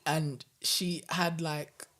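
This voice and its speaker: A man, a guest on a casual podcast interview, telling animated stories and laughing often. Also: a little high, extremely slow, noisy background. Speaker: guest musician and bus driver.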